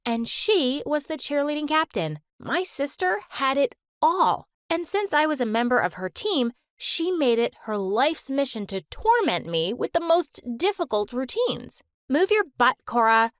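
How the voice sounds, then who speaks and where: Animated young woman narrating a story. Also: high voice, measured pace, hardly any pauses, no echo, clean studio sound. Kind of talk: first-person story narration.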